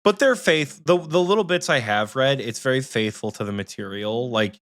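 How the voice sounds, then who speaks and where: Animated young man telling gaming stories. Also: medium pitch, moderate pace, few pauses, no room sound, studio quality. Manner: animated storytelling, swearing, mimics friends in quotes. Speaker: podcast co-host. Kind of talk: casual gaming chat.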